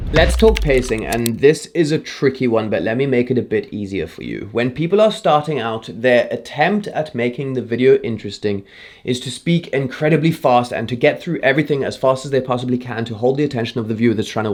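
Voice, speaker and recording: A YouTube creator who teaches on-camera presenting talks straight to camera in a casual tutorial. His medium-pitched voice is relaxed and chatty, and he varies his speed and emphasis to drive his points home.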